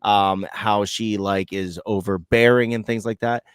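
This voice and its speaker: A man's voice: on the low side, fairly even intonation, a little slow, smooth, dry recording. A man co-hosting a casual film commentary, chatty and laughing, hesitating with fillers. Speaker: podcast co-host.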